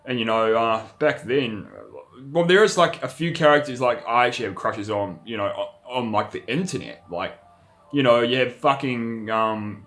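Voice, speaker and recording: A man's voice: mid-range voice, a bit bright. A young man, rambling through a profane, casual vlog monologue full of restarts. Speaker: vlogger.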